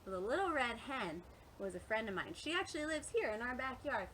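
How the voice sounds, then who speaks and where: Brisk and sing-song, a woman with a fairly high, fairly bright voice runs a kids' and family yoga class with songs, a story, and animal noises. Slight background noise can be heard.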